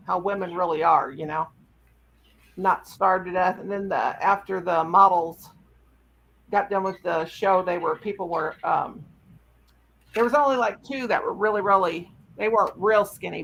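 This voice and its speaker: A woman's voice: lowish voice, vocal fry, a bit bright, slightly rough, poor audio. A woman hosting a casual livestream chat from home, talking in a rambling, folksy way. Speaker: host.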